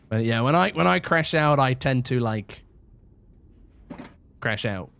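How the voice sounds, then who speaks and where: A man's voice: mid-range voice, expressive, takes it slowly, vocal fry, fairly bright tone, clean tone. A young man chatting casually on a livestream in a rambling, chatty, self-deprecating way.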